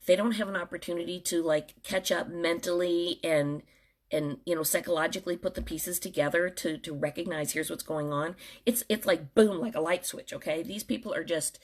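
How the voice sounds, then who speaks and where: A middle-aged woman with a husky, slightly low voice talks straight to her viewers in a personal vlog. She speaks earnestly and with feeling, addressing the audience directly. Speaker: dental professional.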